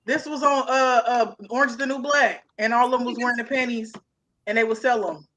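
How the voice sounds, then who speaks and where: A young adult woman co-hosting a casual chat, animated and stretching words out for emphasis. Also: fairly high pitch. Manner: animated, drawn-out emphatic hustle talk. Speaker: podcast co-host.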